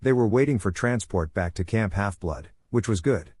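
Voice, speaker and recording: A man's voice: on the low side, animated, normal speed, darkish tone, husky, dry recording. A man reading fan fiction aloud, narrating and voicing the dialogue with little character acting. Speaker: fanfiction reader.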